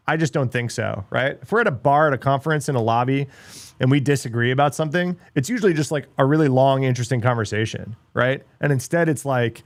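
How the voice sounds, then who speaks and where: A middle-aged man talks casually on his livestream. He is blunt and ranty, swears freely and leans on filler words. His pitch sits in an ordinary middle range for a man. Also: brisk, no echo. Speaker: livestream host. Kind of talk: casual livestream chat, reacting to videos.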